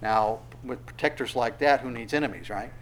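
A male pastor preaching a sermon, animated and emphatic, with sudden loud bursts. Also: mid-range voice, normal speed, a little hiss or hum.

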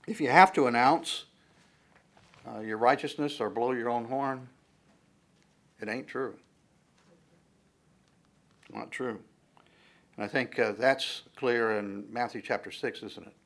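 A man's voice: medium pitch, slow, long pauses. A man preaching a conversational sermon, joking along the way, with frequent fillers and restarts.

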